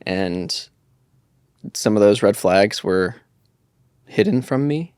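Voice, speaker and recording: A man chatting as a podcast guest, speaking reflectively and haltingly with fillers. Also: fairly low pitch, animated, a little mellow, clean tone, no room sound, clean studio sound. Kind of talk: casual podcast chat.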